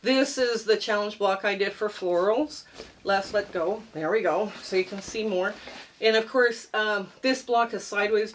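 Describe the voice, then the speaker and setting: The recording is rough, with a little hiss or hum, as a middle-aged woman speaks at medium pitch and a measured pace. She hosts a quilting channel, rambling chattily as she shows off a quilt top in her sewing room before a friendly sign-off, in a casual show-and-tell vlog style.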